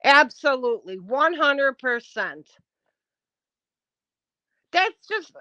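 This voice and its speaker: A woman's voice: high-pitched, expressive, slow, pauses often, pushed and bright, no room sound, highs cut off. A woman on a live stream, ranting bluntly and confrontationally at her chat and swearing often. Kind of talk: heated live-stream rant.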